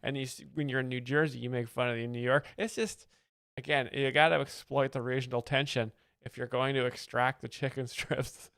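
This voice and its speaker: A man's voice: mid-range voice, little pitch movement, a little fast, creaky, fairly bright tone, clean tone, dry recording. A male host giving dry, mock-analytical commentary on a comedy clip. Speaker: host explaining jokes.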